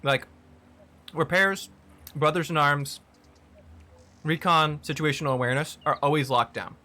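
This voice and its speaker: A man's voice: on the high side, steady tone, unhurried, bright, forceful tone. A man hosting a casual gaming chat, agreeable and muttering to himself as he plays. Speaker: gaming video host.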